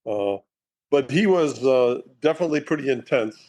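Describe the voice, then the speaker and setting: An older man, a former college basketball player, reminiscing on a call in a relaxed way with fillers. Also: medium pitch, moderate pace. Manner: relaxed, uses fillers, thinks aloud. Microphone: remote call.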